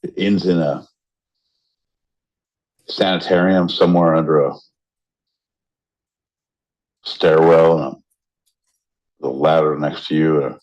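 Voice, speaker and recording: A man co-hosting a podcast in casual banter, rowdy and joking, often jumping into loud mock voices. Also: extremely low pitch, flat delivery, measured pace, pauses often, dull audio. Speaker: podcast co-host.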